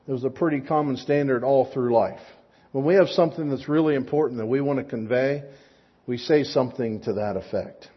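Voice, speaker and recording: A man's voice: on the high side, breathy edge, lo-fi sound. A man preaching a sermon in a conversational, relatable way, often checking in with "right?" asides. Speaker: pastor.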